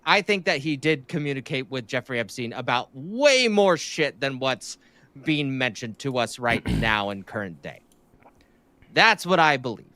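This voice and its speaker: A man giving his opinions in casual talk, stumbling over and repeating his words and often clearing his throat. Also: mid-range voice, sing-song, a little slow, pushed and bright.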